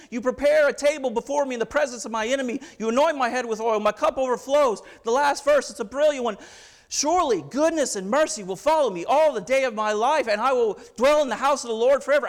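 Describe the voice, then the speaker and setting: High-voiced man preaching an impassioned sermon. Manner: impassioned, rhetorical questions. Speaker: pastor.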